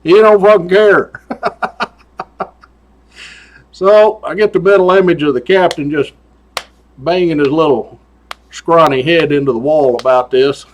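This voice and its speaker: A man's voice: a little high, a little slow, long pauses. A man hosting a show, telling a story in a casual, profane, folksy way and laughing often. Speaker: host.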